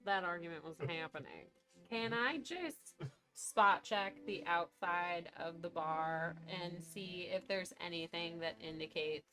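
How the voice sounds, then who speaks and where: A woman's voice: lowish voice, slow, pushed and bright, soft background music. A woman playing a tabletop game with friends, speaking cautiously and thinking aloud with hesitant starts. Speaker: player. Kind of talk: casual tabletop game chat. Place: indoors with the group in person.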